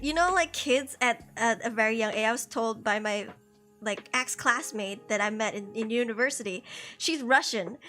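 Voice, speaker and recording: A woman's voice: fairly high pitch, sharp tone. A young woman streamer in her twenties chatting casually into a headset, slangy, laughing often. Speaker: VTuber streamer. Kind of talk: casual chat.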